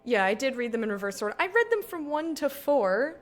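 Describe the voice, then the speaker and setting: Here a gaming streamer in her thirties does relaxed let's play commentary, laughing often and reading lines aloud as she chats. She speaks in a high register with big swings in pitch, moving briskly and barely pausing.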